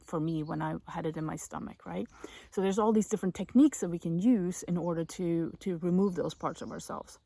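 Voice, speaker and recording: A woman vlogger giving gentle self-help advice on inner child healing, talking to camera and often dropping into a soft, breathy whisper. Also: lowish voice, no room sound.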